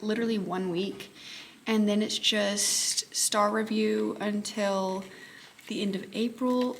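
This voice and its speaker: A woman's voice: medium pitch, a little hiss or hum. Tired, chatty young Texan woman. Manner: chatty, often whispering quietly. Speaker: high school math teacher. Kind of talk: casual vlog chat.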